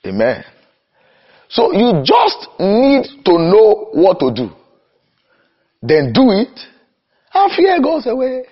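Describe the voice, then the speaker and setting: Young guy preaching hard, slows way down then rushes, kinda muffled lo-fi sound. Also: a little high, husky. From Nigeria. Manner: impassioned, swings between slow emphatic cries and rapid runs. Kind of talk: sermon. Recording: dull lo-fi recording.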